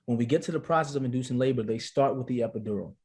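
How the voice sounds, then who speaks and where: Animated man telling a story. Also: mid-range voice, racing. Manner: lively anecdote-telling with casual slang. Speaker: podcast guest, father and actor. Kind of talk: casual storytelling.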